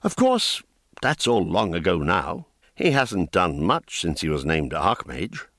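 A man's voice: sits low, very animated, a little slow, fairly bright tone, no room sound, studio quality, full character voice. A man voicing a cocky, gossipy young male wizard student who talks in a chatty, offhand way.

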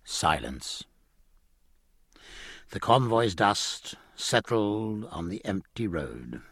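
Man narrating, gravelly, very expressive pitch, dry close sound. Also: no echo. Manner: measured storytelling. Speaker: audiobook narrator. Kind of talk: scripted narration.

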